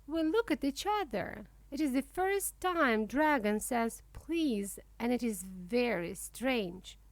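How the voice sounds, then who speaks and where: A woman narrating a children's book for English learners, reading slowly, clearly and expressively. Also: a little high, animated, dry recording. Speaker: audiobook narrator.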